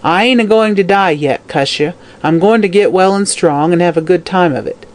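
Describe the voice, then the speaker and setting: A narrator voicing a dying, drunken old slum woman who croaks, snarls and curses. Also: mid-range voice, moderate pace, close to an everyday voice. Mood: vicious. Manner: snarling, cursing, whining. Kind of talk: audiobook character voice.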